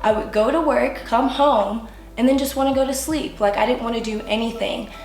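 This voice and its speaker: Young woman vlogger, creaky vocal fry, chatty "like"-heavy confessional talk, echoey room, faint music under. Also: a little high, brisk, darkish tone. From United States. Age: 20s. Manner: candid, filler-heavy talk with frequent "like". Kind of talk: personal storytelling to camera.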